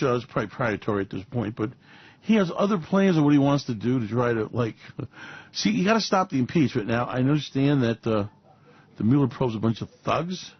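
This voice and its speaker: A man's voice: medium pitch, husky, no room sound. A man hosting a show, giving a rambling, sarcastic commentary monologue with frequent chuckles, mocking and theatrical in tone. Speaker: show host. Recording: dull lo-fi recording.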